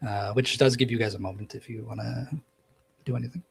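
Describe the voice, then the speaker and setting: A man's voice: lowish voice, fairly even intonation, a little fast, vocal fry, slightly rough, low-quality recording. A man narrating as game master in a casual tabletop session, with lots of fillers.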